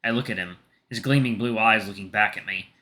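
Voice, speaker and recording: A man's voice: fairly low pitch, fairly quick, pushed and bright. A man reading a visual novel aloud, narrating its story in the first person. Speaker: gaming channel narrator.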